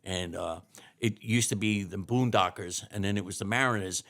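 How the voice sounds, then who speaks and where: A man's voice: fairly low pitch, normal speed, a bit bright. A man in his sixties, a retired fire chief, telling rambling anecdotes with many restarts as an interview guest. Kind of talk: interview storytelling.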